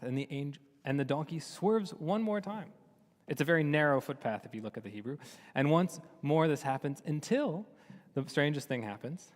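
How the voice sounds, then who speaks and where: A man, a rabbi, giving a sermon on the weekly Torah portion, telling it lively and asking many rhetorical questions. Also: mid-range voice. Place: synagogue sanctuary. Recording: long reverb of a large hall.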